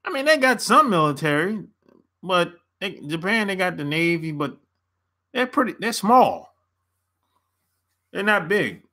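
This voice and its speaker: Man, American, blunt casual rant, laughs a lot, bright sharp tone. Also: sits high, unhurried, long pauses. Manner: blunt, animated, laughs often. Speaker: relationship coach vlogger. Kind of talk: casual opinion rant to camera.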